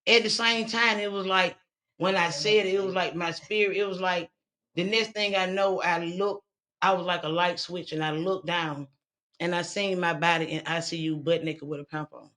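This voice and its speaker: A woman's voice: lowish voice, fairly even intonation, normal speed, fairly bright tone. A woman guest telling her own survival story in a candid, blunt and profane way. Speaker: interview guest. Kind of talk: candid personal testimony.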